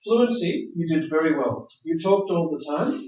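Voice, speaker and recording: English examiner in a roomy classroom. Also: male voice, a little high, expressive, moderate pace, a little mellow, slight background noise. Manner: friendly, chatty, explanatory, repeats words. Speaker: IELTS speaking examiner giving feedback. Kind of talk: spoken feedback after mock test. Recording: roomy, distant, dull classroom audio.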